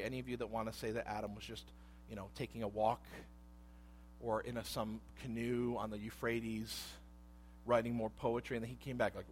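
A man in his thirties preaching a sermon, animated and conversational, dropping to hushed asides and rising to loud emphasis. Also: medium pitch, slight background noise. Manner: animated, acts out voices in quotes, swings between hushed asides and loud emphasis. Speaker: pastor.

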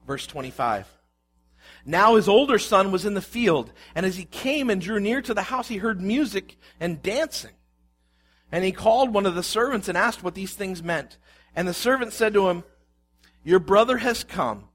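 High-voiced man preaching a sermon. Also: normal speed. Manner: expressive preaching, reads scripture aloud, asks rhetorical questions. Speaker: pastor.

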